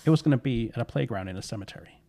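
A man's voice: mid-range voice, expressive, rapid-fire, dark tone. A man telling a spooky story in casual podcast chat, rambling with fillers and correcting himself.

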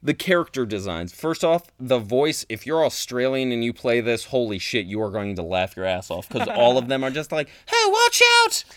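A man's voice: mid-range voice, normal speed, hardly any pauses, no echo, studio quality. A man co-hosting a podcast, reviewing a game in casual chat, laid-back and casually swearing. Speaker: podcast co-host.

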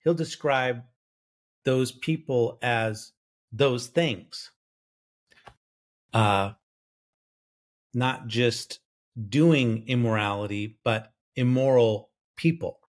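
A man walks through Greek grammar in a Bible study podcast. He thinks out loud, pauses on fillers and corrects himself mid-sentence. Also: medium pitch. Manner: lecturing, self-correcting, thinks aloud with fillers. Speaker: biblical scholar co-host. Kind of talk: academic bible study discussion.

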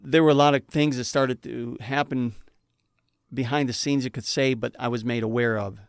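A man's voice: medium pitch, fairly even intonation, normal speed, smooth, no room sound, studio quality. A man telling his personal testimony in an earnest, emotional way, with preacher-like emphasis. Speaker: speaker giving a personal testimony.

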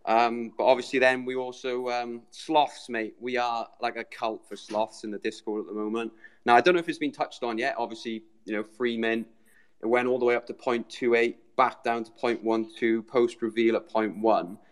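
A man's voice: mid-range voice, fairly even intonation, moderate pace, clean tone. A British man joining a show remotely as the community's guest, chatting loosely and calling everyone mate. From Britain. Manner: chatty, says "mate" a lot, rambling. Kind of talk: casual chat.

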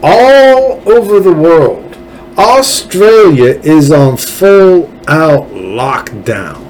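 A man's voice: a little high, big pitch swings, drawn-out words, slight background noise, rough recording. A man hosting a political podcast, ranting angrily with sarcasm and profanity. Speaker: podcast host. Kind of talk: political commentary rant.

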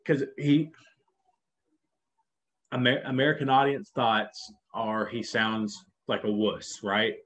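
A man's voice: mid-range voice, little pitch movement, slow, long pauses, a bit bright. A man co-hosting a casual chat, talking with enthusiasm and rambling through many restarts. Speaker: podcast co-host. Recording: dull lo-fi sound.

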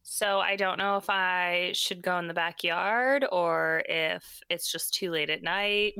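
Chatty young woman podcaster, pregnant, bright voice, dry close sound. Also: fairly low pitch, slow, clean tone, no echo. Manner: chatty, rambling with many fillers. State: pregnant and tired. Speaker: podcast co-host. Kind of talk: casual chat.

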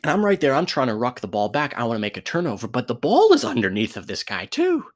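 A man's voice: mid-range voice, wildly swooping pitch, fast talker. A young man telling a sports story casually, laughing often, swearing and restarting his sentences.

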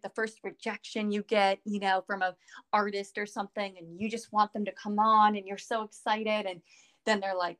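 A woman's voice: medium pitch, level tone, moderate pace, a bit bright. A woman co-hosting a podcast, talking casually and rambling, with many fillers and restarts. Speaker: podcast co-host.

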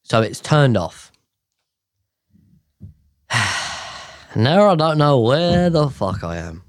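A man in his 30s hosts a casual solo podcast through a podcast mic, rambling, swearing and sounding exasperated. His medium-pitched voice has a sing-song lilt, and he draws his words out.

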